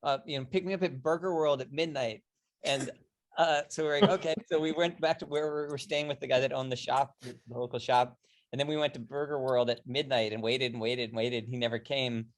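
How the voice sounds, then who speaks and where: A man's voice: medium pitch, level tone, brisk. A man recalling an old story in casual chat, rambling with restarts.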